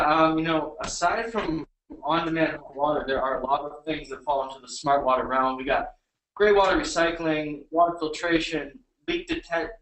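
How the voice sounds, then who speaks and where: A man's voice: on the high side, a bit bright. A man co-hosting a webcast in a casual way, often filling gaps with "you know". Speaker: staff writer, co-host. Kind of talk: casual chat. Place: same room as the host. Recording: echoey room, mic at a distance.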